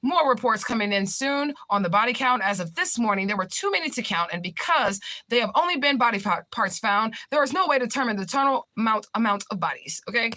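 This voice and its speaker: A woman voicing a mock TV news anchor, counting down and reading a grave report slowly and deliberately. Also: on the high side, expressive, bright, forceful tone, voice pushed up. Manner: slow, deliberate broadcast delivery with countdowns.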